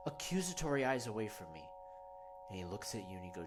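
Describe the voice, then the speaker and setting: A man hosting a parody guided meditation, rambling and earnest, often soft-spoken. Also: lowish voice, big pitch swings, fast, over music. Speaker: host.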